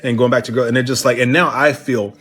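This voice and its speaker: A man from Cincinnati, Ohio tells a comedic bar story with animation, acting out other people's voices. He has a mid-range voice and a quick pace.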